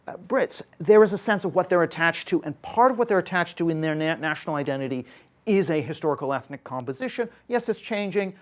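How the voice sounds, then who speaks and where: A man's voice: fairly high pitch, expressive, fast. A man giving a public talk as a panel speaker, explaining earnestly and often correcting himself mid-sentence. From Canada. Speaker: panel speaker, social scientist. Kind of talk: public talk at a debate event.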